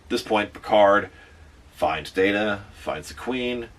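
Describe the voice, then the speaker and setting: A man casually recapping a movie as a reviewer, animated, with quick asides. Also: fairly low pitch, distant mic.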